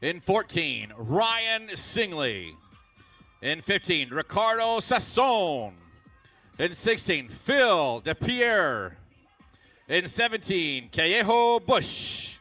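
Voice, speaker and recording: A man's voice: high voice, sing-song, slow, sharp tone, soft background music. A man announcing a live arena fitness competition, hyped and cheering the athletes on. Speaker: event announcer. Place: large indoor arena.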